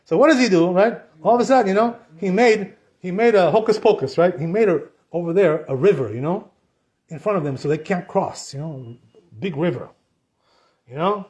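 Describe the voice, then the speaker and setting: A rabbi telling a Torah story in an animated way, chuckling with many asides. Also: male voice, sits high, moderate pace.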